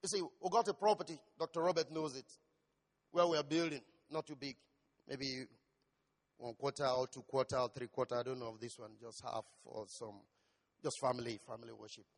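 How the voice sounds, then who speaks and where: A male pastor preaching a sermon, shouting at times and asking the congregation questions. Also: medium pitch, fairly even intonation, a little fast, big-room sound.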